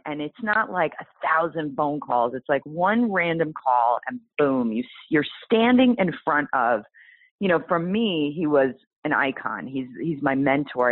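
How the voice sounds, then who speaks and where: Woman guest, low voice with big swings, animated storyteller; dry, phone-quality audio. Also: no echo. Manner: animated, exclaiming, acts out quoted voices. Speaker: guest author. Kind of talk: storytelling in a podcast interview. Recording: tinny phone-like line.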